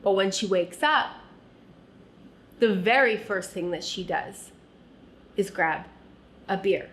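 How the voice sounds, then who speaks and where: A woman reflects on her own past, addressing the listener directly as "you" in a slow, unhurried voice of ordinary pitch. She's earnest and frequently drops into a soft, quiet tone, with a little hiss or hum in the background.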